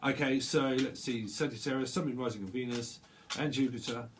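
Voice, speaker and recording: Rambling, chatty tarot reader. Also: male voice, mid-range voice, steady tone, brisk, noisy background. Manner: rambling, chatty, many fillers and restarts; acts out little quoted voices, bursts of laughter. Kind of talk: casual livestream tarot reading.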